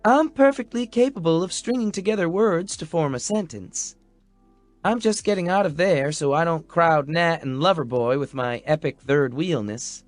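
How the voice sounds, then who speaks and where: A man voicing a standoffish, sarcastic young woman who speaks in a dry, caustic, almost monotone way. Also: fairly high pitch, normal speed, dry recording, faint music behind, voice pushed up, close to an everyday voice. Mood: deadpan sarcastic. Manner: caustic near-monotone deadpan.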